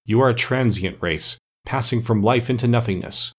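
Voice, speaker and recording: A man's voice: medium pitch, normal speed, breathy edge, close to an everyday voice. Ak, a man doing a stern immortal woodsman. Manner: grave, commanding. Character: stern ancient male immortal master woodsman.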